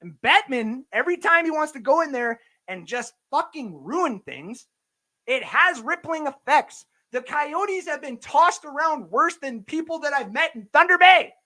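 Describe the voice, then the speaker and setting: A man's voice: very high voice, big pitch swings, measured pace, bright, forceful tone. Fired-up man ranting about sports. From Canada. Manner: fired-up, profane, reads chat comments aloud. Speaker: sports podcast host. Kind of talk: livestream sports rant and chat.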